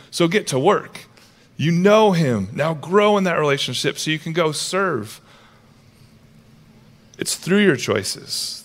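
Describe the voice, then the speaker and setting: A male pastor preaching a sermon, telling stories with lively acted-out quotes. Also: a little high. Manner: animated storytelling, acts out characters with raised voice.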